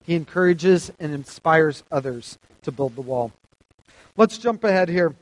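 A man delivering a sermon in a fairly high voice, animated and emphatic as he reads scripture aloud. The sound is dry and close, with no room echo. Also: measured pace. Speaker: preacher.

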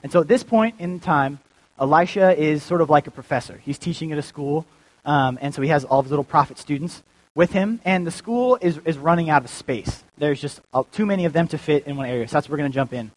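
A man's voice: fairly high pitch, fast talker, low-quality recording. A young man giving a casual, joking sermon as a youth pastor, full of fillers and restarts. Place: church.

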